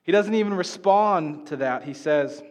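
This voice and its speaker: A man preaching a sermon in a casual, conversational way, often checking in with "right?" and getting animated as he retells the scene. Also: on the high side, measured pace. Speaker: pastor.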